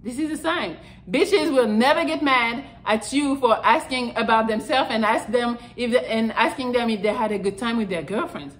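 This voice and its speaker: This woman's voice sits a little high and fairly bright, moving at normal speed with hardly any pauses, captured on a rough recording. A vlogger talking straight to camera, she gives frank dating advice laced with swearing, rambling along with plenty of fillers.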